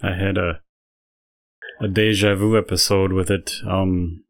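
A man with a somewhat low voice co-hosts a casual podcast. He tells stories in a loose, rambling way and fills them with "like" and "um.". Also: steady tone, measured pace. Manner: rambling storytelling with many fillers. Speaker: podcast co-host. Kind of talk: casual chat.

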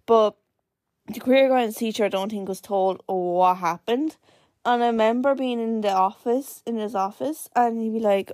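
A woman's voice: on the high side, moderate pace, a little mellow, dry recording. Irish teen girl, dry close voice. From Ireland. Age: late teens. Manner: hesitant and reflective, full of fillers and restarts. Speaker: podcast host. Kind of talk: personal podcast monologue.

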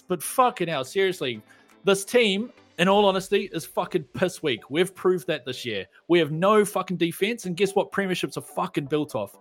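A man, co-hosting a casual sports podcast, ranting and swearing with heat. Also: a little high. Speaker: podcast co-host.

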